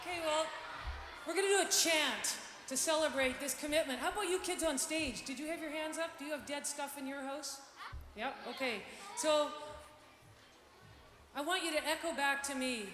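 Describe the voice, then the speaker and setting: A woman's voice: sits high, moderate pace, noisy background. A woman co-hosting a concert, leading the audience in a call-and-response chant and thanking them from the stage. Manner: upbeat, leads the crowd, shouts out cues. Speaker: concert co-host and singer. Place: large concert auditorium. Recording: echoey hall with loud crowd and band.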